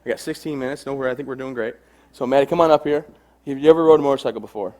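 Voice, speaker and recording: A man's voice: medium pitch, rapid-fire, a little mellow. A young adult man giving a humorous stage talk to a live audience, telling self-deprecating stories. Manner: joking, self-deprecating storyteller. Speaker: keynote speaker.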